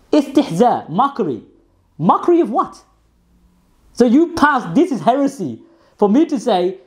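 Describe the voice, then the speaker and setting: A man's voice: on the high side, dark tone. A man hosting a combative rebuttal, talking in a sarcastic, emphatic way. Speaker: host. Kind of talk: rebuttal commentary.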